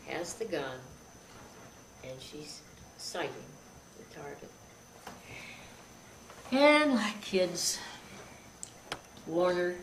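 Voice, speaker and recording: An older woman being interviewed, telling a childhood story and acting out the voices of the people in it. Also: deep voice. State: frog in her throat, coughing. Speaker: interview guest. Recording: roomy, distant, noisy 2001 tape.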